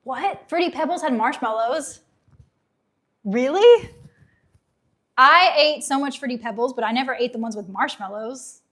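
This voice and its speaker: A woman in her thirties, casually chatting on a live unboxing stream, reading viewer comments aloud with nostalgic enthusiasm, her voice getting a little hoarse. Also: sits high, brisk, hardly any pauses, bright, forceful tone. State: losing her voice. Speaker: livestream host.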